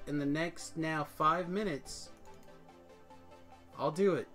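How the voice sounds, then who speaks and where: Young man, streamer, excitable, joking, slightly high voice, faint music. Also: takes it slowly, long pauses. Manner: excitable, joking, swings between loud and mumbled. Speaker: live streamer. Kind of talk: casual stream chat during gameplay.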